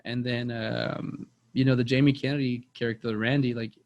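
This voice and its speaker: A man's voice: mid-range voice, little pitch movement, normal speed, muffled recording. A young man, rambling through a casual movie chat on a podcast and repeating words as he tells stories. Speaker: podcast co-host.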